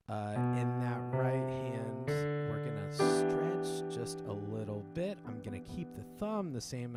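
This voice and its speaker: A man teaching a piano piece in a relaxed, explanatory way, with many fillers and restarts. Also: fairly low pitch. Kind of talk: casual spoken tutorial. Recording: piano playing loudly behind. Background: loud piano playing.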